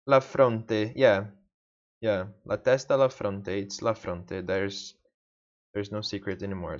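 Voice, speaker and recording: A man's voice: on the low side, steady tone, takes it slowly, dull audio. A man whose first language is Portuguese, thinking aloud as he studies, muttering to himself and repeating words over and over. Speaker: language learner. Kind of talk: thinking-aloud self-study vlog.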